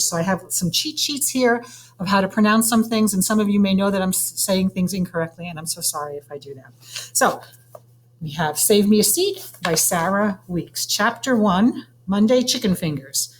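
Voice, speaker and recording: A woman teacher reading a children's novel aloud to her class at an unhurried pace, stumbling a little over unfamiliar names. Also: mid-range voice, a little hiss or hum.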